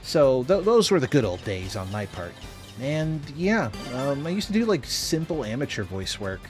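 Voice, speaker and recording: A man giving casual gameplay commentary as a streamer, animated and chatty. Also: medium pitch, moderate pace, faint music behind. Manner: animated, puts on goofy voices when reading dialogue.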